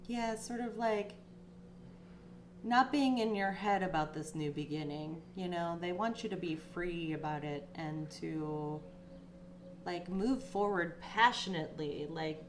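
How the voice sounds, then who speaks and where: Speaking unhurriedly over slight background noise, a tarot reader offers a casual spiritual reading. She's chatty, uses lots of fillers, and grows emotional at moments, turning teary as her pitch climbs.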